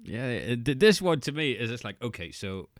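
A man's voice: mid-range voice, big pitch swings, moderate pace, dry recording, studio quality. A man co-hosting a podcast, joking and swearing in casual banter. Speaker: podcast co-host. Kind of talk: casual chat.

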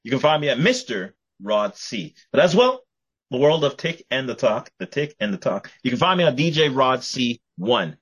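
A man's voice: mid-range voice, big pitch swings, moderate pace, slightly rough, muffled recording. A man hosting a casual podcast, playful and theatrical in his announcements. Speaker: podcast host.

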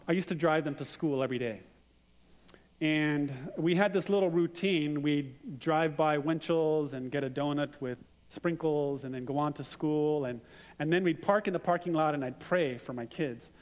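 Middle-aged male pastor, echoing hall. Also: on the high side. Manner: conversational preaching with personal stories. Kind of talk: sermon. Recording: long reverb of a hall.

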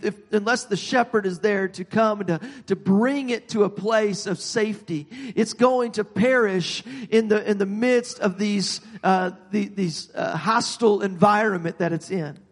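A man preaching a sermon, halting and repeating words, growing emphatic as he goes. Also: sits high, big-room sound.

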